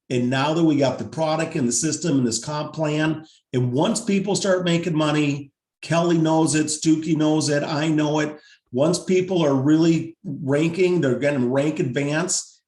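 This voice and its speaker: A man's voice: fairly high pitch, darkish tone, reverberant. Upbeat salesy man on a video call. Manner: upbeat, salesy, repeats numbers for emphasis. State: losing his voice. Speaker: team leader presenting a pay plan.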